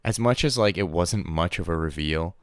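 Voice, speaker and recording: A young man co-hosting a podcast, chatting casually about esports news with lots of laughing and squeaky impressions of players. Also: animated, moderate pace, clear, resonant tone, no echo, clean studio sound. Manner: laughing, mimics players in high squeaky voices. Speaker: podcast co-host.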